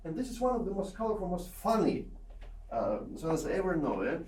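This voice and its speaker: Animated male piano teacher, far off in a roomy hall. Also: high-pitched, fairly quick. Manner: coaxing, checks in with 'yeah?' and 'eh?' often, sings phrases to show them. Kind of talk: masterclass teaching. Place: recital hall or studio with a piano.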